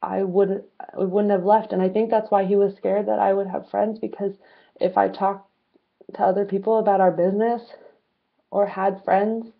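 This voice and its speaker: A woman's voice: mid-range voice, little pitch movement, normal speed, creaky. Young woman vlogging her life story, candid and chatty, tinny phone-ish sound. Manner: candid, conversational, with many fillers and restarts. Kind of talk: personal storytelling to camera.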